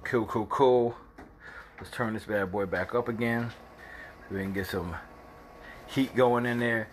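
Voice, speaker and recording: A man hosting a casual home cooking show, excitable and joking, his voice jumping high when he gets worked up. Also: a little slow, slight background noise.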